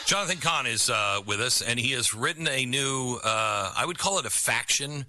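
A man's voice: mid-range voice, animated, moderate pace, very noisy. A man hosting a talk radio show, chatting casually and rambling with many fillers.

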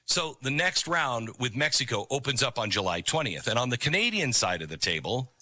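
Broadcasting from a studio on a ranch, this radio host speaks a little fast in a mid-range, sing-song voice with a sharp tone and no echo. His conversational monologue, with a read ad, is packed with fillers and restarts, and he quotes others sarcastically to mock them.

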